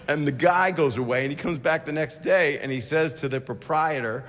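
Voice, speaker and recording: A man's voice: fairly high pitch, normal speed, a bit bright. A middle-aged man doing a rambling, crude stand-up routine with constant asides. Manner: crude, digressive, self-interrupting asides. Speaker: stand-up comedian. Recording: reverberant hall with crowd ambience.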